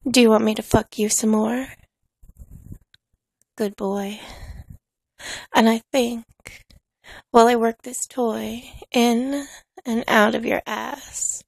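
A woman with a fairly high voice and a gravelly, fry-tinged edge speaks in an unhurried, teasing, commanding way, laughing softly between lines. She performs a dominant adult audio role-play into a close, dry mic. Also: dry recording.

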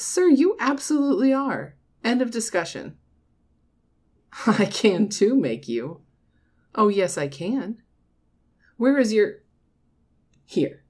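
A woman playing a soft, doting mother. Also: mid-range voice, breathy edge, heavily acted. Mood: insistent teasing. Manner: soft, coaxing, slow, with frequent nervous laughs. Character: doting middle-aged mother talking to her grown son. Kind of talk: audio role-play.

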